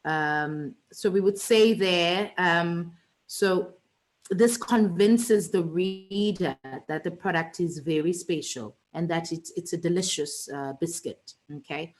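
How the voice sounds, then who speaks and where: Slow, low-voiced woman teacher. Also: poor audio. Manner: chatty, teasing, many fillers. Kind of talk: online revision lesson.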